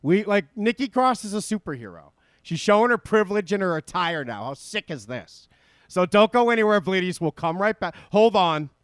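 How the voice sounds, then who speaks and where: A man hosting a playful, animated livestream chat and reading donations aloud. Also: high voice, moderate pace, clear, resonant tone, no echo, studio quality. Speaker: podcast host.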